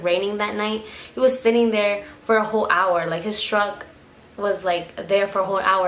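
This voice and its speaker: A young woman vlogger casually recounting a story, swearing freely and acting out quotes, recorded on a camera mic at home. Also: mid-range voice. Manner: swears freely, animated retelling with acted quotes. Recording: echoey room, faint background noise.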